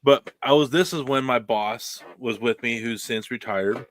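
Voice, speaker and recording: A man's voice: mid-range voice, a little slow, no room sound. A man, co-hosting a podcast, telling a story in casual chat and acting out the voices he quotes. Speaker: podcast co-host.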